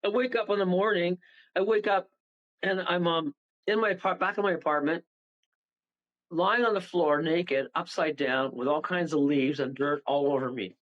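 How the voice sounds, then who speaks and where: A man guest on a radio show, telling rambling, animated stories and laughing partway through them. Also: fairly high pitch, moderate pace, dull audio. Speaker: paranormal guest. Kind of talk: casual storytelling on a radio show.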